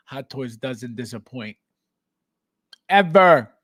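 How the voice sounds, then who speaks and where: A man hosts a relaxed livestream, greeting each viewer by name with an easy laugh. His voice sits high and swings widely in pitch. The sound is dry and close, with no room around it. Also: a little slow, vocal fry, long pauses, dry recording. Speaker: livestream host. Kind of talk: casual livestream chat.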